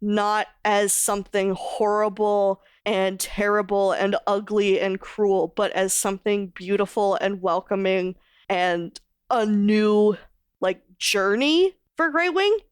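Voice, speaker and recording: A woman's voice: mid-range voice, slow pace, smooth, no room sound, clean studio sound. A woman co-hosting a podcast, chatting casually about a book and retelling scenes with emotion and frequent swearing. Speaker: podcast co-host.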